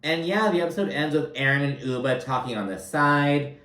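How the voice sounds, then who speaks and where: A man's voice: a little high, fairly quick, sharp tone, recorded from a distance. Blunt, profane man recapping reality TV. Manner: blunt, profane, filler-heavy chatter. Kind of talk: casual recap commentary. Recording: roomy, from off-mic.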